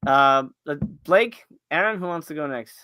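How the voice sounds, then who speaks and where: A man's voice: a little high, expressive, normal speed, pushed and bright, clear, resonant tone, dry recording. A man from Miami hosting a casual podcast chat over a remote call, joking and swearing with plenty of fillers. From Miami, United States. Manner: profane, joking, filler-heavy.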